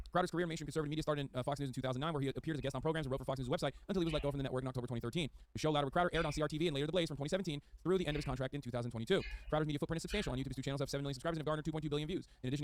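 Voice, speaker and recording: A man streaming a reaction, reading an article aloud and breaking off with exasperated, profane commentary. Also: a little high.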